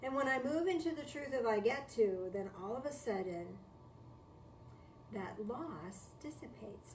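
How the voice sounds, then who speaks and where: Her voice runs on the high side, expressive and a little slow. Speaking from home on a livestream, this spiritual teacher reflects conversationally, repeats key phrases and asks rhetorical questions, with an echoey room, distant mic and faint background noise.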